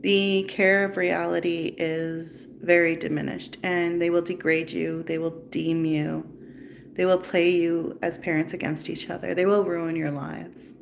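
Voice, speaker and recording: A woman talks into her livestream, recounting what happened to her. She sounds upset and bitter, and her voice has a gravelly, creaky edge. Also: lowish voice, flat delivery, a little slow, slight background noise. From Canada. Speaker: livestream host. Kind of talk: personal storytelling livestream.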